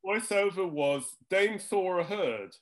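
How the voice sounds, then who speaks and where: A man's voice: high-pitched, lively intonation, slow pace. An older man, a jingle composer, tells studio stories in a chatty talk show. He has dry comic timing and acts out other people's lines. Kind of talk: anecdotal storytelling chat.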